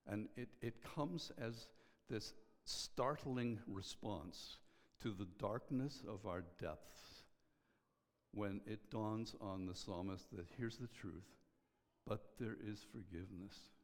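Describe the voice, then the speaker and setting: A middle-aged male pastor delivers a sermon in a fairly low, earnest voice. He speaks in measured phrases and lets key lines fall almost to a hush. A long reverb trails after him through a large hall.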